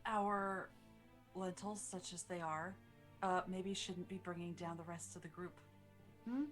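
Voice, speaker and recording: A woman's voice: on the low side, little pitch movement, measured pace, a bit bright, soft background music. A woman playing a tabletop role-playing game in character, dry and a little scolding. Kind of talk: in-character role-play banter.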